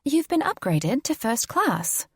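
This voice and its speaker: A woman's voice: sits high, big pitch swings, takes it slowly, no echo, clean studio sound, pitched above the performer's own voice, heavily acted. A woman voicing a prim, polite female flight attendant with a British accent in an audiobook. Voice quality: prim, crisp.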